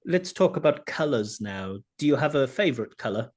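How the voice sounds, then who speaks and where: A man's voice: medium pitch, sing-song. Man explaining speaking-test mistakes. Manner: explanatory, corrective, pauses to replay and comment. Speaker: IELTS examiner giving feedback. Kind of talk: spoken feedback commentary.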